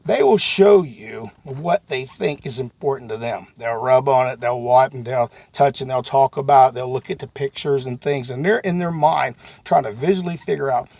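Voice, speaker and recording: A man giving a folksy, animated sales lesson that breaks into sudden shouts. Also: medium pitch, moderate pace, gravelly, few pauses, no room sound. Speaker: sales trainer. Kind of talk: motivational sales talk to camera.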